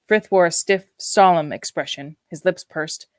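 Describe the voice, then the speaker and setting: Low-voiced woman reading a novel. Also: no room sound. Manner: measured, reflective storytelling. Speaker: audiobook reader. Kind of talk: audiobook narration.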